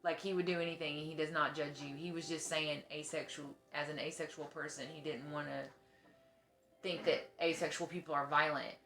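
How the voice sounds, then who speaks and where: A woman's voice: low-pitched, steady tone, brisk, a bit bright, soft background music. A woman streamer chatting casually at home, swearing freely and oversharing. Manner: profane, oversharing. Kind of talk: casual chat.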